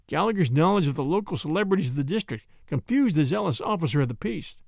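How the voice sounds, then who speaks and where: A man reading an old story aloud as an audiobook, in a high voice that rises and falls a great deal. A gravelly edge runs through his measured, expressive delivery, and the recording is dry and close. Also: dry recording. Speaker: narrator. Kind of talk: audiobook narration.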